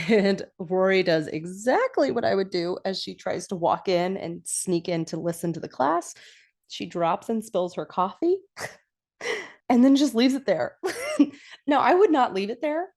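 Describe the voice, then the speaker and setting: A young woman hosts a casual podcast, recapping a TV episode in an easygoing, chatty way. She giggles often and gets animated, lifting her voice when she acts out lines. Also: on the low side.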